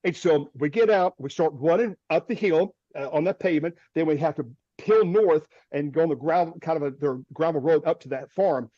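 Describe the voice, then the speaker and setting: Guy with a highish voice telling a wild story, keeps restarting and laughing, sounds dull and dry like a video call. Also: fairly quick, dry recording. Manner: vivid retelling with restarts and nervous laughs. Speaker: storm chaser guest. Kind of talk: animated storytelling.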